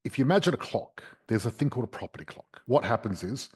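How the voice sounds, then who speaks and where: A man's voice: medium pitch, big pitch swings, fast, darkish tone, breathy edge. A man hosting a property podcast, explaining investing step by step in a chatty, casual way. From Australia.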